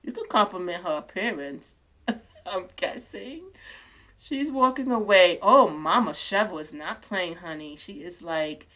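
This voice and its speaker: A woman commenting on a life-sim game she is playing, excitable and gushing, often laughing. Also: fairly low pitch, a little slow. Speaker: gaming creator. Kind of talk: let's play commentary.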